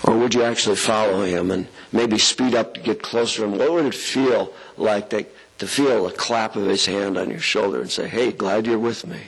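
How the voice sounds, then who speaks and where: A middle-aged male pastor preaching in a conversational way, with a slightly husky voice. He leans on rhetorical questions and lifts his voice to stress key words. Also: lowish voice, moderate pace, hardly any pauses, rough recording. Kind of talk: sermon.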